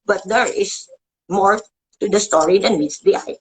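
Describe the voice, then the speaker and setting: A woman hosting her own show, delivering an agitated, swearing political rant with emotional pitch swings and halting restarts. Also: slight background noise, low-quality recording. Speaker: show host. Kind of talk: ranting political monologue.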